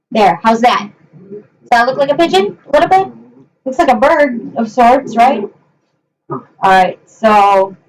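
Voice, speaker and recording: A young woman with a fairly high voice hosts a casual live cooking stream from her home kitchen. She rambles chattily, with plenty of ums and trailing pauses, talking to her viewers and her dogs. Her voice sits a little back from the microphone. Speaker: cooking livestream host. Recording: voice a bit far from the mic.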